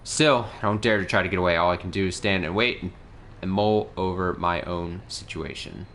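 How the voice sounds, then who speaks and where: A man's voice: low-pitched, a little fast, fairly bright tone, slight background noise. A man reading a visual novel aloud on stream, breaking off to laugh and comment. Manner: reads the story text, breaks off to laugh and comment. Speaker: let's play streamer.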